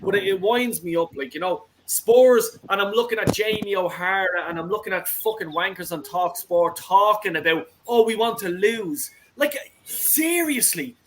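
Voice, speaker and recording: Ranting football host, high-voiced. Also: male voice, expressive, moderate pace, few pauses, a bit bright, a little hiss or hum, poor audio. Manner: sweary, ranting, emphatic. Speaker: host of a fan call-in show. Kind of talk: heated football fan rant.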